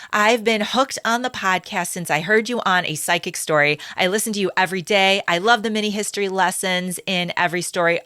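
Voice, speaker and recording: Woman co-host, middle pitch, casual and excitable, dry close sound. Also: no room sound. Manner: chatty, reads listener reviews aloud, easily excited. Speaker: podcast co-host. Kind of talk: casual podcast chat.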